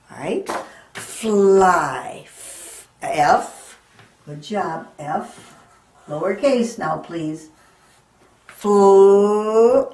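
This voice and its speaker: A middle-aged woman leads a children's phonics lesson in a slow, sing-song teacherly voice. Her pitch sits a little low, and she takes her time over every sound. The recording carries noticeable room echo. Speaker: reading teacher.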